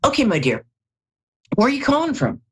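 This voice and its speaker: A woman's voice: on the high side, wildly swooping pitch, fairly quick, a little mellow, slightly rough. A middle-aged woman reading tarot cards on a live call-in show, chatty and jokey, with storytelling asides. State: tired from lack of sleep. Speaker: psychic tarot reader.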